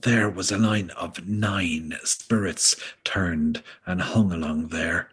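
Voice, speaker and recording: A man's voice: low voice, slow pace, a bit bright, husky. An Irish man, a guest author, talking wryly in an interview and reading his story aloud. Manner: wry, rambling, mischievous.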